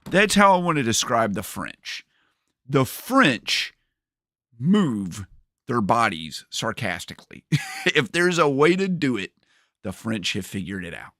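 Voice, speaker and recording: A man's voice: medium pitch, sing-song, a little slow, bright, forceful tone, no echo, clean studio sound. A man streaming a video game, chatting casually and joking with his viewers, laughing often. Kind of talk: casual live-stream chat.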